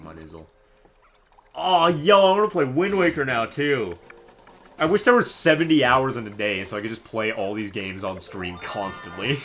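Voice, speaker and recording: A man in his twenties casually commenting on a live game stream, animated and joking with viewers. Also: on the low side. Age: 20s. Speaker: let's play streamer.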